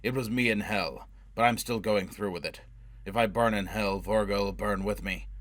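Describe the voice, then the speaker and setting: A man voicing a brutal, obsessed avenger in an audiobook, with a low, harsh, driving delivery. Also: normal speed, fairly bright tone, no room sound. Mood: grim. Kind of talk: audiobook character voice.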